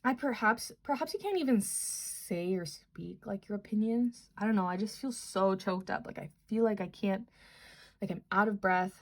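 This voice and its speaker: A woman's voice: medium pitch, moderate pace. A young woman giving a casual tarot reading, earnest and rambling with many fillers. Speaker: tarot reader.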